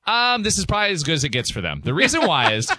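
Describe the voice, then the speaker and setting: A man on a casual sports talk show, lively and explanatory as he walks through tournament brackets. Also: fairly high pitch, racing, slight background noise.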